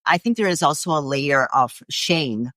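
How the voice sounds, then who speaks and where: A woman's voice: deep voice, normal speed, fairly bright tone, dry recording. A woman hosting a fitness podcast, talking with a guest in an earnest, candid way. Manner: earnest, candid, occasional swearing. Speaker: podcast host. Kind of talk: conversational interview.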